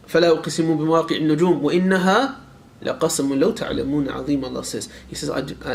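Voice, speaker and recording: Fast-talking man teaching a creed class. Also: on the high side. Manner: questions the students directly, repeats phrases for emphasis; recites Arabic verses quickly. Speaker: Islamic teacher. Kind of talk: classroom lecture on a creed text.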